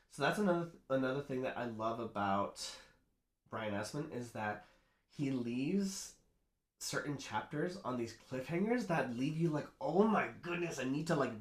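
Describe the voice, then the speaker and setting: Chatty man recapping a book, roomy sound. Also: medium pitch. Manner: rambling, many fillers and restarts. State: nervous. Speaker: book reviewer doing makeup. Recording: roomy echo.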